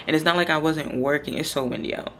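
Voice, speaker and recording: A woman's voice: low-pitched, fast, slight background noise. A woman in her thirties vlogging outdoors, telling a rambling, confiding personal story. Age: 30s. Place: outdoors, windy.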